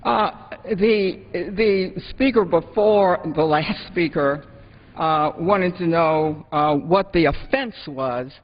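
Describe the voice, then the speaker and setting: A woman speaking as a delegate in floor debate, halting and repeating words as she starts. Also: fairly low pitch. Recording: dull broadcast sound with long hall reverb.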